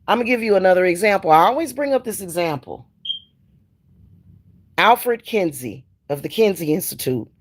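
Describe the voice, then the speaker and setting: Profane, animated older woman ranting. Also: fairly high pitch. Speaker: spiritual practitioner streamer. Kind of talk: casual ranting monologue.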